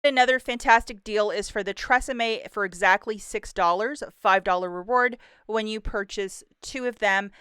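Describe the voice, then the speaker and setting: A woman's voice: mid-range voice, moderate pace, hardly any pauses, fairly bright tone, smooth, no echo, studio quality. A woman hosting her own couponing channel, walking through the week's store deals in a bubbly, chatty, upbeat way. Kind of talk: deal rundown vlog.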